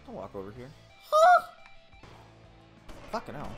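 A man playing a video game and commenting as he goes, swearing constantly and breaking into loud outbursts. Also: on the low side, wildly swooping pitch, fairly quick, pauses often, faint music behind. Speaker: gaming video creator.

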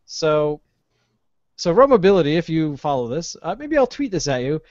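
A podcast host tells a story in an animated, ranting way, swearing freely as he goes. His voice sits a little high for a man. The recording is dry and dull, with a lo-fi sound. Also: normal speed, dry recording. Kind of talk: casual podcast chat.

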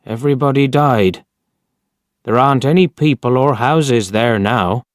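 A man's voice: medium pitch, a little slow, no room sound, clean studio sound, close to an everyday voice. A man voicing a wary garage man. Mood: guarded. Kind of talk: audiobook story reading.

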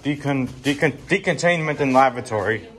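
A man giving excitable, rambling running commentary as he walks through a dim indoor attraction, filming on a handheld phone. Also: mid-range voice, moderate pace, a crowd in the background. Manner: excitable, rambling, self-correcting. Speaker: vlogger touring an attraction.

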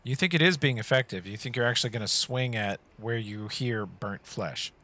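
A man's voice: mid-range voice, normal speed, sharp tone. A man running a tabletop game as game master, giving vivid descriptive narration and calling for dice rolls.

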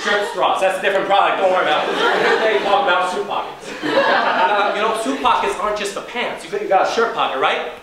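A man's voice: high-pitched, quick pace, over a noisy crowd, lightly acted. A man playing a brash cocky inventor, echoey and distant. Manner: punchy, cocky sales patter. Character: brash, self-assured male inventor pitching wacky product. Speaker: spoof talk presenter. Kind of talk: comedic stage monologue.

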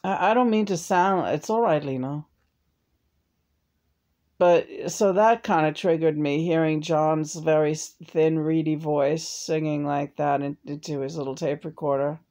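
A woman's voice: deep voice, steady tone, a little slow, dark tone. A woman channeling the spirit of a dead man who rambles, hesitates and makes crude jokes. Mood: rambling.

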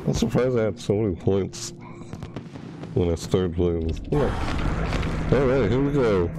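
A man narrating his own gameplay in an unhurried, chatty way, his pitch jumping around a lot. He talks to himself and gets flustered easily. A steady hiss of background noise sits under his voice on a home desk mic. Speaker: gaming channel host. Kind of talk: casual game commentary.

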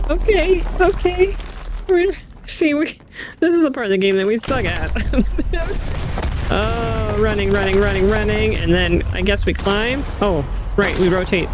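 A woman giving an excitable, panicky let's-play commentary, laughing and gasping as she plays. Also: medium pitch, a little slow, noisy background. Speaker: gaming channel host. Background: game music.

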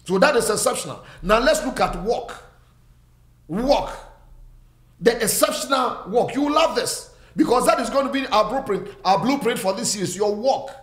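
A man's voice: very high voice, animated, normal speed, fairly bright tone. A man preaching a sermon, emphatic and repetitive, speaking straight to his listeners and urging them to repeat after him. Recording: roomy echo.

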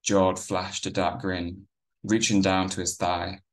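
A man reading his own novel aloud in a measured first-person narration. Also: sits low, level tone.

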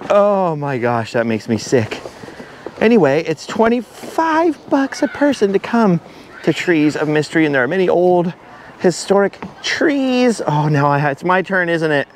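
A middle-aged travel vlogger, very animated yet speaking at a measured pace, walks a high forest walkway and talks nervously to the camera. He's breathless from nerves, jittery and self-mocking, laughing frequently and repeating his worries. There's slight background noise.

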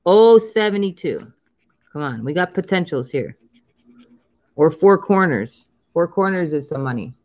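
A woman's voice: low-pitched, animated, normal speed, lo-fi sound. A woman in her thirties chatting casually on a live stream while scratching lottery tickets, drawing out the numbers she calls and laughing often.

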